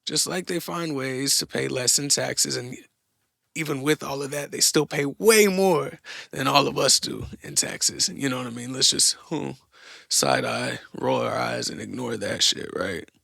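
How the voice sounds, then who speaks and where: A man's voice: medium pitch, lively intonation, a little slow, gravelly, pushed and bright, no room sound, clean studio sound. A young man hosting a podcast, ranting bluntly with lots of profanity and mockery. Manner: blunt, profane, mocking rants. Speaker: podcast host. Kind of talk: opinionated solo monologue.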